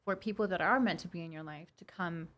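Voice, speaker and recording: Woman, lowish pitch, earnest and spiritual-minded, casual podcast chat. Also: quick pace, a bit bright.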